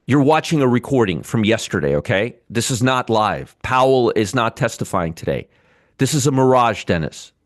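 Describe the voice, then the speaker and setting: A man's voice: mid-range voice, animated, moderate pace, no echo, studio quality. A man hosting a live trading show, giving blunt, sarcastic market commentary and bantering with chat viewers. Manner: blunt, swears freely.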